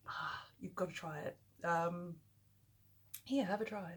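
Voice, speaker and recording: Breathy chatty Australian woman. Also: lowish voice, a little slow, long pauses. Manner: chatty and enthusiastic, thinking aloud. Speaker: vlogger. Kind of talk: casual taste-test vlog.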